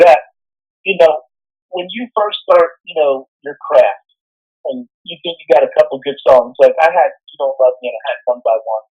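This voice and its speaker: A man's voice: fairly high pitch, moderate pace, slightly rough, lo-fi sound. A man, a guest musician, chatting in an interview in a rambling way, with many fillers and repeated words. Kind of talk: casual interview chat.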